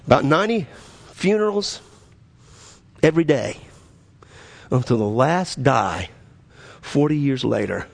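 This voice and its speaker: A man preaching a sermon, swinging between loud, emphatic highs and low, quiet stresses, often repeating words as he builds a point. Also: big pitch swings, unhurried, creaky, pauses often. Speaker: pastor.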